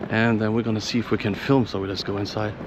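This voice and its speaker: A German man with a German accent vlogging casually while he walks a square and a church, rambling with fillers and speaking hushed inside. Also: on the low side, little pitch movement, fast talker. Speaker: travel vlogger. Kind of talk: casual walking vlog. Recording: muffled, noisy background.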